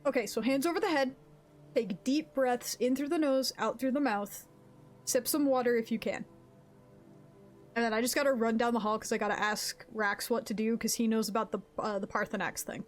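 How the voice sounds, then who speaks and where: A woman live-streaming a game, chatting casually with her viewers in an excitable, laughing way. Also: a little high, normal speed, soft background music. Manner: greets chat viewers mid-game.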